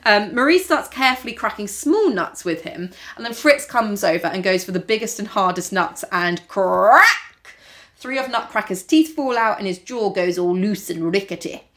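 A woman's voice: mid-range voice, animated, moderate pace, fairly bright tone. A woman casually retelling a story, swearing, laughing and putting on mock voices for the characters. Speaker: podcast co-host retelling a story.

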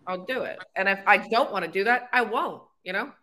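A woman's voice: mid-range voice, fairly quick, bright, forceful tone. A young Canadian woman co-hosting a podcast, telling frank, profane stories in casual chat. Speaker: podcast co-host.

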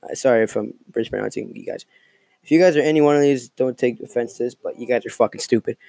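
Gravelly profane man ranting on his podcast. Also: mid-range voice, quick pace, dark tone, no echo. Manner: profane, mocking, rambling with many fillers. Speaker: podcast host. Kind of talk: casual solo podcast rant.

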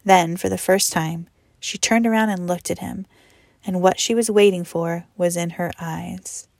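A woman reading a story aloud expressively, slowing down and sometimes dropping to a whisper. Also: on the low side, gravelly, dry recording, clean studio sound. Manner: expressive, slows and drops to a whisper for effect. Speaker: story reader.

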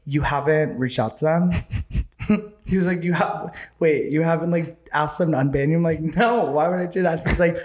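A man's voice: fairly high pitch, normal speed. A young man hosting a podcast, telling a story in casual chat, camp and profane, laughing often. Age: young adult. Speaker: podcast host. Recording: roomy echo.

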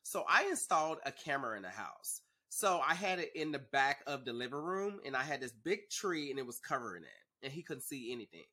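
A young man hosting a podcast, telling a story in a sassy, animated, profane way. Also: mid-range voice, brisk, few pauses. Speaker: podcast host. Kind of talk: casual storytelling.

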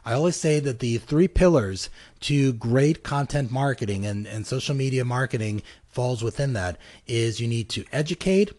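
A man's voice: medium pitch, expressive, moderate pace, darkish tone. Chatty man giving marketing advice. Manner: conversational, many fillers, acts out little dialogues. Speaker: podcast host. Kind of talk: casual advice talk. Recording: live program.

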